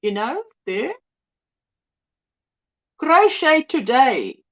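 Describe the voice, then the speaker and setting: A woman chats her way through a crochet livestream in a high-pitched voice. Her tone swings up and down as she gushes over patterns and calls out hellos to the chat. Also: very animated, extremely slow, a bit bright, dull audio. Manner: chatty, exclaims over projects and greets viewers in the chat. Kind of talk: casual live-stream chat.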